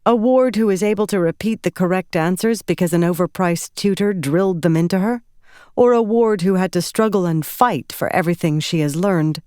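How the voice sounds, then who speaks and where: A woman's voice: lowish voice, moderate pace, a little mellow, clean tone, no room sound, clean studio sound, close to an everyday voice. A woman voicing a formal, earnest young noblewoman who pleads her case respectfully. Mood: pleading.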